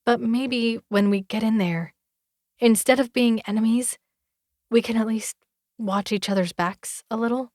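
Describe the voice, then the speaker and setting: A woman's voice: a little high, unhurried, darkish tone, dry recording, studio quality, pitched above the performer's own voice, lightly acted. A woman narrator voicing a fierce, angry young woman who accuses her rival and demands answers in an audiobook. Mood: pleading.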